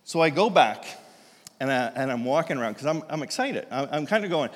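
A man in his fifties, a pastor telling a story in a sermon, animated and self-deprecating, with frequent restarts. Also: mid-range voice, fairly quick. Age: 50s. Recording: long hall reverb.

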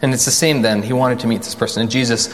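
A man preaching a sermon in a conversational way, asking the listeners questions and slowing down for emphasis. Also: mid-range voice, fairly even intonation, long reverb tail, a little hiss or hum. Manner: conversational, rhetorical questions, dramatic slow emphasis.

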